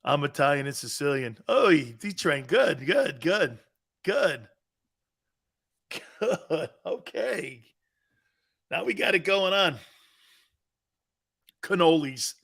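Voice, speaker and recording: A man hosting a live sports talk show, joking loudly with viewers, reading their comments and laughing often. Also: fairly high pitch, sing-song, slow, vocal fry, long pauses, husky. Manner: joking, loud, laughs often, calls out chat names.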